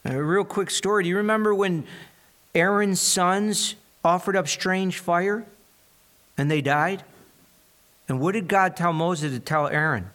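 A pastor preaching a sermon, reading scripture and retelling it in an earnest, conversational way. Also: male voice, high voice, normal speed, fairly bright tone.

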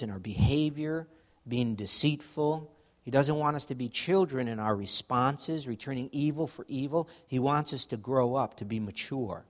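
Conversational man preaching a sermon. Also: mid-range voice. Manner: conversational, acting out everyday examples. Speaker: pastor.

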